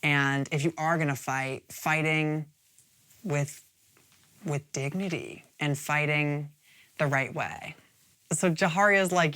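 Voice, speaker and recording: A woman's voice: deep voice, steady tone, a little slow, a bit bright, clean tone. A woman hosting a casual review of a drag competition show, chatty and swearing freely, with lots of "like" and "you guys.".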